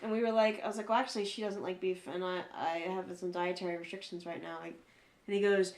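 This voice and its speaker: Here a fast-talking woman with a mid-range voice co-hosts a podcast, her voice echoing in a reverberant room. Her chat is casual, and she animatedly acts out the people from her stories.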